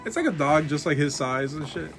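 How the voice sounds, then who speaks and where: A man's voice: a little high, lively intonation, a little fast, music in the background. A young man in casual chat, swearing freely and acting out the people in his stories. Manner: profane, storytelling, acts out quotes. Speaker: podcast co-host. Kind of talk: casual chat while drawing.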